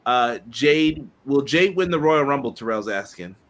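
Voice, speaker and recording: A man with a medium-pitched voice co-hosts a casual podcast. He reads viewer comments aloud in an easy, relaxed way and chuckles between them. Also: normal speed. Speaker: podcast co-host reading chat.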